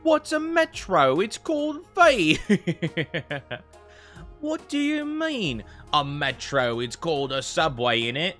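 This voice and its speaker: A man's voice: a little high, wildly swooping pitch, takes it slowly, sharp tone, faint music behind, pitched above the performer's own voice, full character voice. A man voicing a cheeky, mocking British bloke with an exaggerated put-on British accent and heavy slang.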